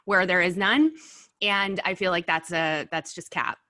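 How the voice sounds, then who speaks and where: A woman hosting a casual chat while tasting wings, animated and blunt, sometimes talking with her mouth full. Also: fairly low pitch, a little slow. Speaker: host. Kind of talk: casual food review chat.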